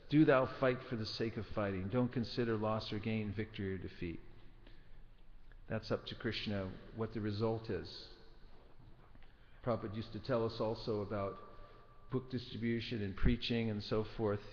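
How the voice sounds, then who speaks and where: A man giving a scripture class, telling a story in an earnest, measured way. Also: medium pitch. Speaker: spiritual teacher. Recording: dull recording in a reverberant hall.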